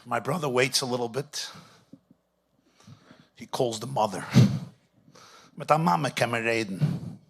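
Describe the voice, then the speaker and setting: A middle-aged rabbi speaking at a Shabbaton tells a story to a weekend audience, sprinkling in Yiddish and Hebrew phrases. His medium-pitched voice is husky, creaky, and a bit bright, and he moves at a measured pace with frequent pauses.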